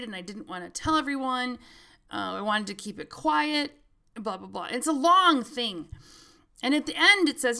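A woman's voice: on the high side, pushed and bright. A middle-aged woman hosting a podcast, telling stories in a chatty way and laughing often. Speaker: podcast host. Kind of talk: casual chat.

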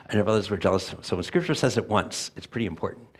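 A male church elder delivering a sermon with a gravelly, husky voice. He sits low in pitch and preaches earnestly, driving points home with repetition and acted-out quotes. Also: quick pace, few pauses.

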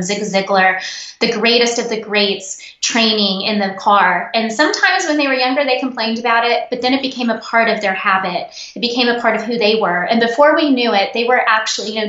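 Earnest woman telling stories, echoey sound. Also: mid-range voice. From United States. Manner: earnest, animated storyteller. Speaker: guest. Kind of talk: interview storytelling. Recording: echoey, dull remote audio.

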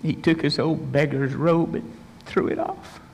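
A male pastor preaches in a sanctuary, and his voice carries a long reverb through the hall. He speaks a little high for a man and tells the story vividly, acting out the voices of its people. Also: steady tone, unhurried, gravelly, darkish tone, slight background noise. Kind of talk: sermon.

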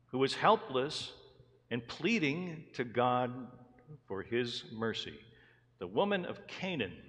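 A man's voice: medium pitch, fairly bright tone. A man, a pastor, preaching a sermon, first reading scripture and then telling stories in an earnest way. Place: church sanctuary. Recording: long hall reverb in a church.

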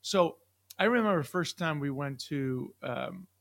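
A middle-aged man chatting casually as a co-host, with a voice pitched a little high for a man. He jokes and teases as he tells stories, in a relaxed, conversational way. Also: measured pace, gravelly. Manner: joking, teasing. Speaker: podcast co-host. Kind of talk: casual chat.

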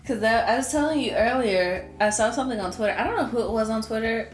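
A woman co-hosting a podcast, chatting casually and retelling scenes in an animated, talkative way. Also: on the high side, quick pace. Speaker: podcast co-host. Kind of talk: casual chat. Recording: roomy echo with faint music.

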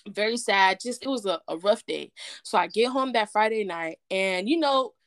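Animated woman telling a story. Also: medium pitch, moderate pace, no echo, clean studio sound. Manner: animated storyteller, quotes others in dialogue. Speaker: podcast co-host. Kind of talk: casual chat, storytelling.

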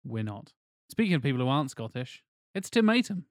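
A man's voice: mid-range voice, big pitch swings, brisk, no echo, studio quality. A man hosting a casual podcast, joking with his co-hosts and reading out supporter names. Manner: jokey, reads out supporter names. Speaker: podcast host.

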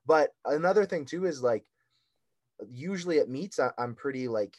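A young man chats as a guest on a casual show, an athlete telling stories with eager energy. He laughs often as he talks. His pitch sits in an ordinary middle range. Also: normal speed. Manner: excitable storyteller who laughs often. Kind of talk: casual chat.

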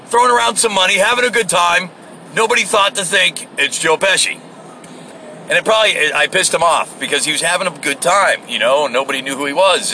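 A man's voice: high voice, vocal fry. A middle-aged man hosting his own show, rambling and joking through stories with lots of swearing, recorded in his car on the way to work. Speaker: podcast host. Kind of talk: casual storytelling monologue. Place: inside a car while driving. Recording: distant in-car recording with loud road noise.

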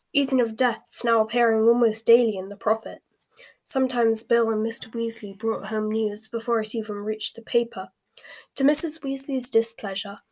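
Expressive woman reading a story aloud. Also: on the high side. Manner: expressive, lively voicing of characters. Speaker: audiobook reader. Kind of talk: scripted narration with character voices.

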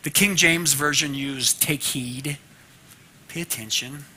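A man teaching a class devotional in an earnest way, moving from loud teaching to a hushed prayer. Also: on the high side, slow pace.

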